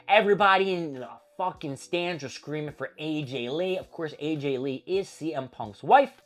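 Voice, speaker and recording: A man hosting a show, recapping a wrestling feud in a casual, profane, animated storytelling manner. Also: on the high side, normal speed, few pauses. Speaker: host.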